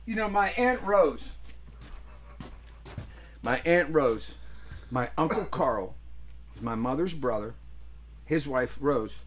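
An older man hosting a casual show, telling rambling stories and breaking into loud voices for the people in them. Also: mid-range voice, slow, pauses often. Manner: rambling, animated storyteller, swings into loud character voices. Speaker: host. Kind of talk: casual storytelling chat.

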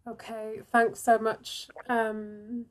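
A woman hosting an online talk, gently moderating and thanking the speaker over a video call. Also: a little high, completely flat delivery, extremely slow. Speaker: event host.

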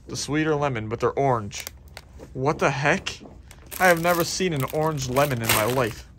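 A man chatting through a casual outdoor vlog, excitable and chatty, with a playfully stubborn streak. His voice sits at an ordinary middle pitch. Clear background noise runs behind him outside. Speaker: dumpster diving vlogger. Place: outdoors at a dumpster.

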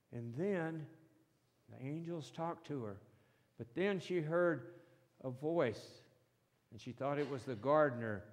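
A male pastor preaching a sermon in a church, slow and emphatic, swinging between loud and soft. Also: on the high side. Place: church sanctuary. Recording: long reverb of a church hall.

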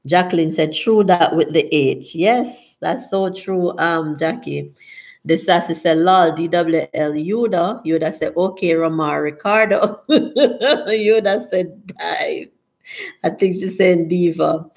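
A Jamaican woman hosting a relaxed live stream, reading out her viewers' names and answers one by one. She speaks slowly in a lowish voice. She is chatty and laughs often. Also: vocal fry. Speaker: livestream host. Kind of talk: casual live-stream chat, reading viewer comments aloud.

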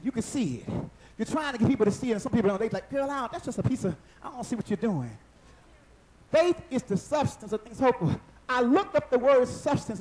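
A man preaches a lively sermon at a church service, trading call-and-response with the congregation and rising into shouts at the high points. The recording quality is low.

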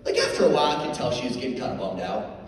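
A middle-aged man, a motivational speaker, telling a comic story to an audience in an animated, jokey way, full of "like" fillers. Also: mid-range voice, very fast, slight background noise. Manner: animated, jokey, many "like" fillers, lively voices for quotes. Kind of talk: comedic storytelling talk to an audience. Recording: echoey hall, mic heard from far off, faint ambience.

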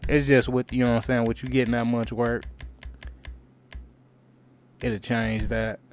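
A man streaming a crime roleplay game, talking in character to his viewers in heavy slang and frequent swearing, swinging between low grumbles and loud outbursts. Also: flat delivery, a little slow, slight background noise. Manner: slangy, swears a lot, keeps calling out to viewers.

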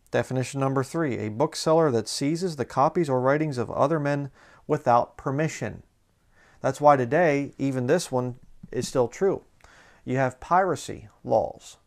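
A man's voice: mid-range voice, gravelly. A man, a pastor, giving a sarcastic, conversational commentary like a sermon and reading passages aloud.

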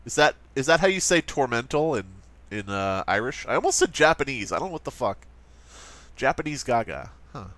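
A man's voice: medium pitch, big pitch swings, a little fast, fairly bright tone, no room sound. Jokey man commenting on a game. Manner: sarcastic, jokey, talks to viewers. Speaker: gaming commentator. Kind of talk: let's play commentary.

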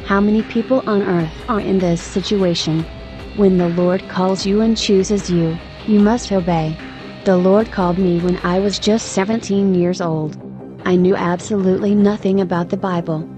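A woman narrates a religious testimony with earnest exhortation, her tone mellow and warm. Soft music plays faintly behind her. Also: medium pitch, fairly even intonation, moderate pace.

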